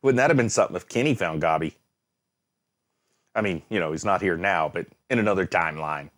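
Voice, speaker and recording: Brisk and expressive, his low-sitting voice carries an anime reaction full of casual talk. He laughs and cries out at the screen, then turns reflective, musing his way through ideas.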